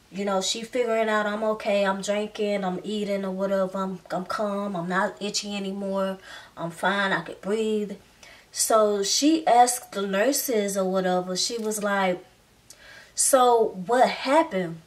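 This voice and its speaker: Young woman chatting through a story, lots of likes, mic kinda far off. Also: medium pitch. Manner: chatty, heavy use of filler words. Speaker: vlogger. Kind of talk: casual storytelling. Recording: slightly distant mic.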